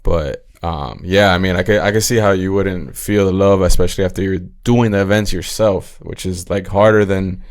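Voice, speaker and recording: A man's voice: low-pitched, fairly even intonation, moderate pace, hardly any pauses. A man co-hosting a podcast, reflecting in an easygoing casual way. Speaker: podcast co-host, DJ. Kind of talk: casual chat.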